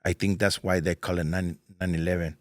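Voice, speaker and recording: A man doing a comedic voice of an older, shifty, laid-back male landlord who talks in halting broken English with a drawl. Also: sits low, flat delivery, dry recording, studio quality, pitched below the performer's own voice, lightly acted. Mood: deadpan. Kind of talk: comedic character bit on a podcast.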